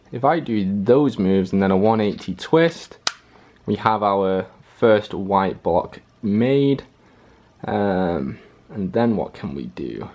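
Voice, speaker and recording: A young man with a fairly low voice talks his way through a puzzle solve at his desk indoors. He thinks aloud, pausing often with ums and uhs. His delivery is casual and unpolished, like someone working it out in real time. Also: a little mellow, slight background noise. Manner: hesitant, thinks aloud with many fillers. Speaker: puzzle-solving video host.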